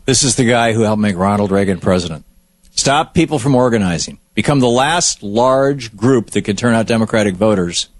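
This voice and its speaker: A man's voice: fairly low pitch, normal speed, no echo. Emphatic male political commentator. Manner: emphatic, storytelling delivery. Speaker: radio talk show host.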